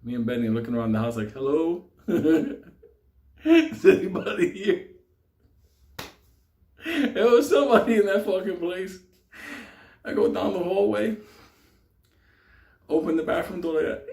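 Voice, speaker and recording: A man's voice: high voice, measured pace, creaky, long pauses. A man telling a wild story casually, laughing and swearing often as he goes. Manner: profane, laughing, animated storytelling. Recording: echoey room.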